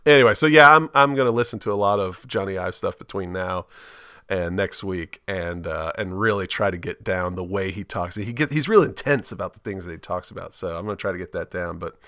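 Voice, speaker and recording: A man from the chats eagerly as a podcast co-host, laughing as he goes. His voice sits a little low but comes across bright and forceful, recorded close and dry with no room sound. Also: a little fast, smooth, no echo. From Alabama, USA. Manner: laughs often, chatty and enthusiastic. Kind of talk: casual chat.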